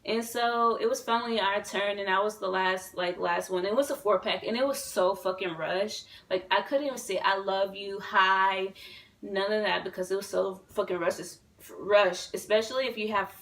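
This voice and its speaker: Twenties girl vlogging, rambly and hyped, lots of like and swearing, kinda gravelly, sits back from the mic. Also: mid-range voice, normal speed, distant mic, poor audio. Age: 20s. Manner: rambling and excitable, full of fillers and swearing. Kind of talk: casual storytelling to camera.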